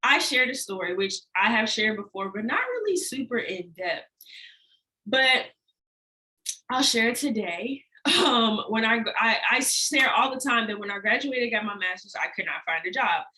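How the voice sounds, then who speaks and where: A woman's voice: a little high, expressive, moderate pace, bright, forceful tone, poor audio. A young woman in a candid personal vlog, telling a painful story and laughing often, near tears at times. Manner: candid, emotional, laughs often mid-sentence. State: holding back tears. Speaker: life and healing coach.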